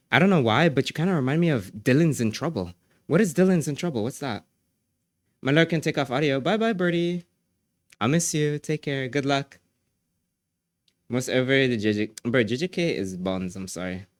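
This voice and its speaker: A medium-pitched man chats casually with viewers on a live stream, with no echo in the sound. He jokes around, laughs a lot, and fills his speech with "like."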